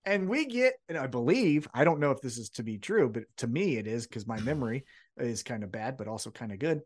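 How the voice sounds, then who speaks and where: Lively chatty male podcast co-host. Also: mid-range voice, fairly quick. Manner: chatty, recaps with acted-out quotes and profanity. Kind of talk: casual wrestling chat.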